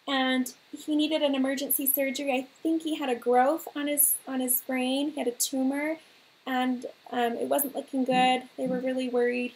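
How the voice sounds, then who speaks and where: A woman with a high, bright-toned voice hosts a faith livestream. She tells her viewers a story in an earnest, animated way and leans on repeated phrases for emphasis.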